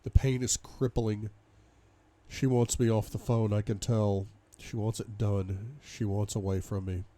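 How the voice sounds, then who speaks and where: A man reading a novel aloud in first person, dramatic, moving between hushed despair and loud outbursts. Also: fairly low pitch, little pitch movement, measured pace. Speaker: audiobook reader.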